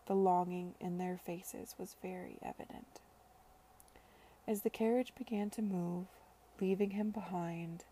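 Gravelly-voiced woman reading aloud. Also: medium pitch, mellow, slight background noise. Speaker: podcast reader.

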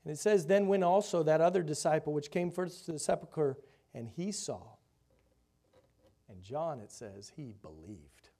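A man preaching a sermon, reading scripture aloud and expounding on it with rhetorical questions, his voice swelling loud for emphasis and dropping soft. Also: fairly high pitch, lively intonation, moderate pace.

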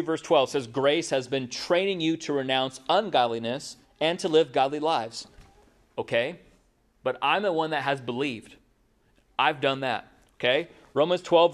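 A man preaching a sermon, asking the room questions and acting out little dialogues as he goes. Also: a little high. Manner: animated preaching, rhetorical questions, acts out dialogue. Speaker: pastor.

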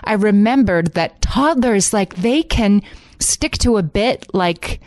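An animated woman co-hosting a podcast, telling stories and mimicking toddlers with laughter. Her voice sits at a middle pitch for a woman. It sounds dry and close, with no room echo. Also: takes it slowly. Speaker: podcast co-host. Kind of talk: casual chat.

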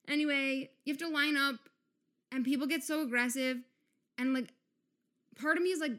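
A woman hosting a podcast, ranting in a casual, sarcastic comic monologue, swinging between loud outbursts and muttered asides. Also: high-pitched, steady tone, normal speed, long pauses. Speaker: podcast host.

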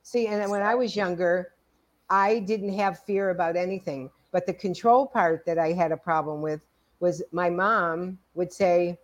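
A woman in her sixties co-hosting a podcast, telling stories in a casual, animated way. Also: lowish voice, moderate pace. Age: 60s. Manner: animated storytelling, acts out quoted dialogue. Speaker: podcast co-host. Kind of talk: casual conversation.

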